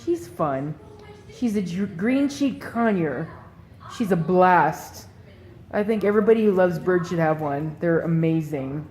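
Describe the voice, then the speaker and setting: A woman's voice: fairly low pitch, expressive, a little slow, a little mellow. A woman chatting to her pet bird in a home video, cooing in baby talk with frequent giggles.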